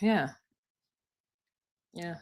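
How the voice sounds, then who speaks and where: A woman's voice: drawn-out words, darkish tone. A woman co-hosting a casual recap podcast, wry and sceptical as she sums up episodes. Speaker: podcast co-host.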